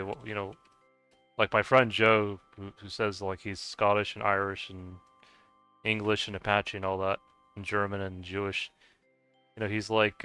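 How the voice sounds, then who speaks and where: Rambling, stammering man with a bright voice. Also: fairly low pitch, clean tone, no echo. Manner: rambling, stammering restarts, laughs often. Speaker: streamer. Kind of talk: casual chat with viewers while gaming.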